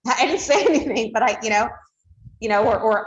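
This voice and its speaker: A woman's voice: a little high, brisk, highs cut off. A woman teaching a class, explaining with frequent fillers like "you know" and acting out tones of voice to make her points. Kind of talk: lecture to a class. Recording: roomy echo.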